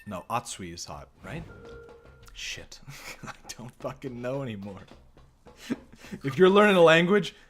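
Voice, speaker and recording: Man, casual gameplay commentary, profane and jokey, sore throat, mid-pitch voice, faint game music behind. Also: sing-song, moderate pace, long pauses, a bit bright. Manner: rambling, joking, profane, self-deprecating, laughs often. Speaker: gameplay streamer.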